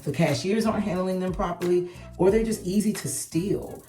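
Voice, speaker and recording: Animated woman, echoey room. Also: lowish voice, normal speed, faint music behind. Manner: animated, emphatic retelling. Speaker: co-host, wife. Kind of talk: casual storytelling chat.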